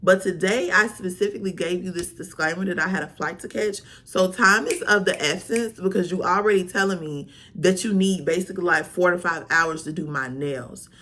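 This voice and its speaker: A woman vlogger telling a storytime, sassy and animated, full of slang. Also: fairly low pitch, brisk, few pauses. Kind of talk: storytime vlog.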